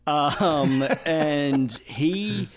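Laughing Australian man, slightly high voice. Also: extremely slow. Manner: laughs through his stories, rambling. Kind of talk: casual storytelling chat.

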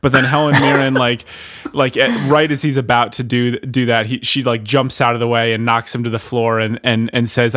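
A man hosting a comedy podcast, telling a story in a rambling, halting way with lots of restarts and a self-deprecating, giggly manner. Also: medium pitch, flat delivery, a bit bright, no room sound, clean studio sound. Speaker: podcast host pitching a movie. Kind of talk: casual comedic chat.

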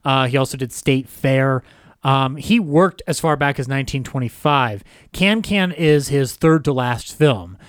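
A man's voice: medium pitch, a little slow, dry recording, clean studio sound. A man co-hosting a podcast, chatting casually about film history in a jokey way, laughing often. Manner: jokey, laughs often, throws in silly impressions. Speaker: podcast co-host.

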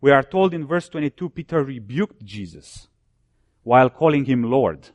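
A man preaching a sermon, building his points through repeated phrases and dropping low and soft when he cites scripture. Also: lively intonation, normal speed, dry recording.

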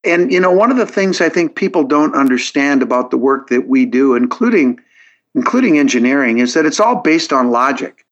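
As a guest on a podcast interview, a man earnestly explains his reasoning step by step, frequently restarting sentences. His mid-range voice is expressive and a little fast, and the audio is dull and lo-fi.

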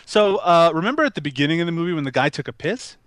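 A man's voice: fairly high pitch, quick pace, no room sound. A man co-hosting a podcast, recapping a film's scenes in casual chat and laughing often. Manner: animated storytelling, laughs often. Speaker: podcast co-host reviewing a film.

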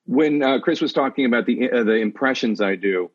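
Male host, anchor type, husky voice, quick and self-interrupting, dull lo-fi recording. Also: mid-range voice. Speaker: news anchor hosting the talk. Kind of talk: casual interview chat.

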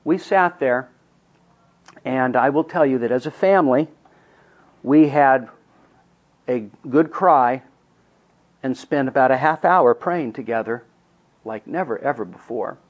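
Middle-aged man, earnest storyteller, teaching talk, mid-pitched voice, hushed then emphatic. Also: a little slow, long pauses, muffled recording. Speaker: speaker teaching counselors.

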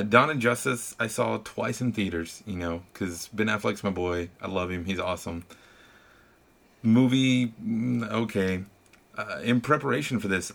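A man in casual podcast chat, talking earnestly and candidly in short, halting bursts as he reviews a movie. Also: lowish voice, creaky, a bit bright.

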